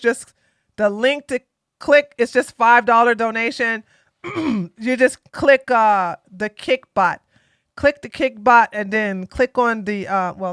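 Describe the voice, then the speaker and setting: A woman hosting a casual political live stream, excitable and mocking, with loud bursts of laughter. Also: medium pitch, smooth, dry recording, clean studio sound.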